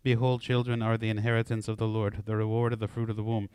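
A man leading liturgical prayers in a steady, even recitation, with short chanted responses. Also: on the low side, fast, clear, resonant tone, no echo. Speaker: prayer leader.

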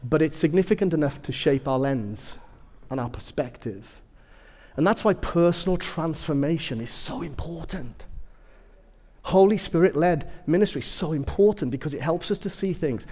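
A man's voice: on the high side, lively intonation, moderate pace, darkish tone, big-room sound. A man preaching a sermon, telling humorous personal stories with self-deprecating asides.

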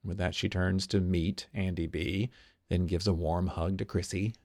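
A man with a low, gravelly voice reads his own diary aloud, wry and observant, and drops in small asides. The recording is close and completely dry. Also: steady tone, moderate pace, darkish tone, no room sound. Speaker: stage performer and diarist.

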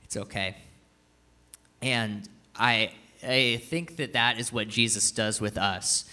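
Man, very bright timbre, casual sermon storyteller, rambling and heartfelt. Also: medium pitch, fairly even intonation, slow pace. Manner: rambling, full of fillers and restarts; earnest and moved. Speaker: speaker sharing a film story.

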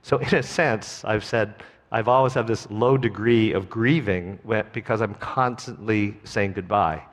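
A middle-aged man preaching a sermon as pastor, earnest, slow and emphatic. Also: fairly low pitch. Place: church sanctuary. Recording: long hall reverb.

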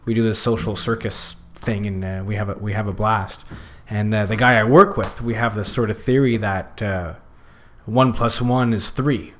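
A man's voice: fairly low pitch, fairly even intonation, moderate pace, a bit bright. A man guest on a podcast, chatting casually and rambling with lots of fillers and restarts. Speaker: podcast guest, youth circus worker. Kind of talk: casual chat.

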